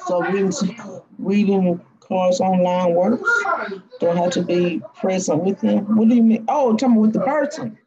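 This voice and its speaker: A woman with a Cajun accent hosting a casual live stream, rambling in a folksy way with drawn-out fillers. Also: mid-range voice, highs cut off, a crowd in the background. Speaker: live-stream host reading cards.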